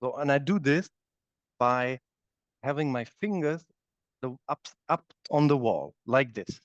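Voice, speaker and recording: A man whose first language is German leads a live yoga class, showing each move as he explains it and often checking in with "okay?". His medium-pitched voice is animated and unhurried, captured in a dull, dry studio with no room sound.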